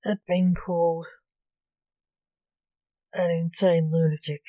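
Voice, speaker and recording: A woman reading a story aloud at a slow, unhurried pace, calm and steady. Her voice is mellow and lowish, and the recording is dry and close. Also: no room sound.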